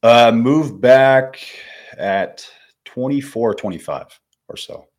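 A man's voice: medium pitch, slow pace. A young man in his twenties, a podcast guest telling a story in a laid-back way, swearing and calling the host dude and bro. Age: 20s. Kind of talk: casual storytelling.

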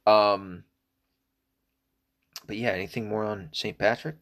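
Talking solo, this middle-aged man from the American South drifts from one tangent to the next, cursing casually and leaning on plenty of fillers. He speaks slowly in a fairly low voice, stopping often.

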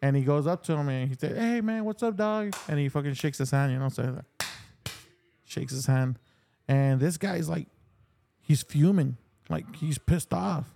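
A middle-aged man co-hosting a casual podcast chat, telling a lively story and laughing often. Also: mid-range voice, normal speed, creaky. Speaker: podcast co-host.

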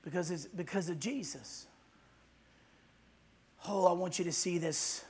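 High, husky-voiced male preacher. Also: measured pace, a little mellow. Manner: emphatic preaching with call-and-response. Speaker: pastor. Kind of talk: sermon.

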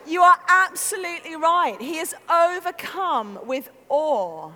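Animated woman preaching in a hall. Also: extremely high pitch, a little slow, few pauses. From North London. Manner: animated, acts out voices, laughs often. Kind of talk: lively storytelling sermon. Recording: church hall reverb.

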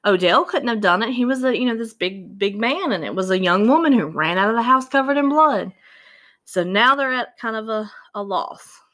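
Animated woman telling a true-crime story. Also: on the high side, moderate pace. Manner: animated, acts out quoted voices.

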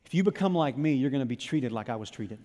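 A man preaching a sermon in church, impassioned, dropping to a hush and then rising to loud emphasis. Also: mid-range voice, animated, fast. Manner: impassioned, swings from hushed to loud. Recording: long reverb of a church hall.

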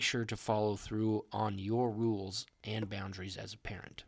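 A man's voice: lowish voice, flat delivery, moderate pace, gravelly, hardly any pauses, no room sound, studio quality. A young man co-hosting a podcast, chatting casually, joking and rambling with frequent laughs. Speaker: podcast co-host. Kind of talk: casual chat.

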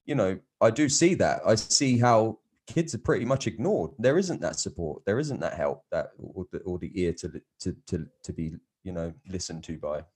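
An earnest male podcast host in his thirties rambles through his thoughts in a casual chat. His voice sits on the low side, and he stumbles over words as he goes. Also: lively intonation, moderate pace, hardly any pauses, darkish tone, breathy edge. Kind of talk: casual conversation.

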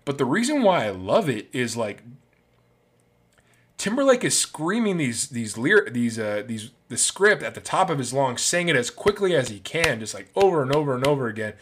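A man talks through favorite film scenes in a loose, rambling way, full of enthusiasm. His voice sits at an ordinary, mid-range pitch for a man. It sounds like casual, unscripted movie commentary. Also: big pitch swings, normal speed, fairly bright tone, husky. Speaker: film reviewer.

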